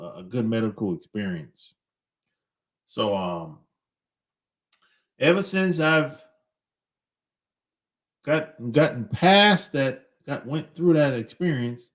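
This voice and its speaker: Man, middle-aged, podcast host, casual blunt monologue, swooping animated pitch, chuckling. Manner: laid-back, chuckles between points, blunt slang.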